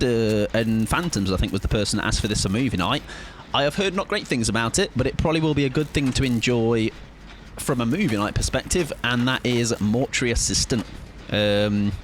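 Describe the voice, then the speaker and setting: A young man streaming a game live, rambling and joking with his viewers, laughing often and breaking into excited outbursts. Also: fairly low pitch, slight background noise. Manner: rambling, jokey, chats to viewers while playing. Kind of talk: live gameplay commentary with chat.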